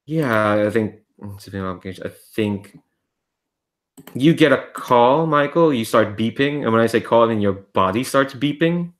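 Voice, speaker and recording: A man's voice: medium pitch, expressive, moderate pace. A man narrating as game master of a tabletop game, loose and hesitant with fillers.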